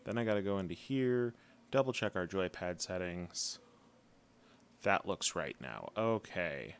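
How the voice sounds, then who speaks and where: Man, low voice, casual stream chatter, hums while gaming. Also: lively intonation, unhurried, smooth. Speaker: streamer playing a game. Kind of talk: casual live-stream chat.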